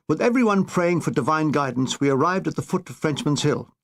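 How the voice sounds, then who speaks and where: A man reads a comic war memoir with wry, deadpan timing. His voice sits fairly high for a man and rises and falls in lively swoops. It is a storyteller's reading. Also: a little fast. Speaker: narrator.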